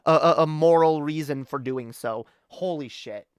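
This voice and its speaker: A woman's voice: low-pitched, normal speed, smooth, no room sound. Fiery, profane ranting woman, dry sound. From Canada. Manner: angry, profane, with frequent restarts and repeated words. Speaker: streamer. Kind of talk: ranting commentary on a live stream.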